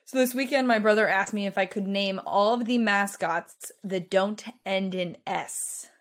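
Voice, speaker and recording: A woman with a mid-range voice co-hosting a relaxed chat podcast. She talks briskly and teases a little as she sets up and runs a quiz for her co-host. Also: medium pitch. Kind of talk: casual chat.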